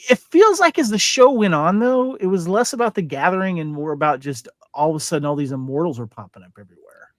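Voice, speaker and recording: A man's voice: fairly high pitch, lively intonation, fast talker, no room sound. A man co-hosting a casual fan podcast, rambling through trivia with many fillers and restarts. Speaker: podcast co-host.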